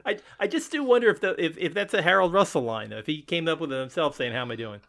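A man's voice: on the high side, expressive, fast, creaky, a bit bright. A man co-hosting a podcast in casual chat, talking in a hesitant way with many fillers and repeats and frequent laughs. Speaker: podcast co-host.

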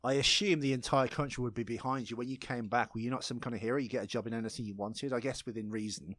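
A man co-hosting a podcast, chatting casually and rambling along with a self-mocking, jokey streak. His voice is mid-pitched and sits close and dry, with no room sound around it. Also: steady tone, quick pace, a bit bright, no echo. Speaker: podcast co-host. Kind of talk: casual chat.

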